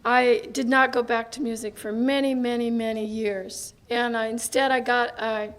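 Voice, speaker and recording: An older woman sharing her recovery story at a meeting, animated and laughing often, dropping to soft asides. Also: on the high side, moderate pace. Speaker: AA speaker. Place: meeting hall.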